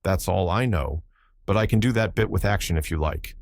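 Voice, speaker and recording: A man's voice: low voice, a little fast, vocal fry, slight background noise. A man reading an audiobook, voicing a wry, easygoing young tour guide with a dry, cheerful manner.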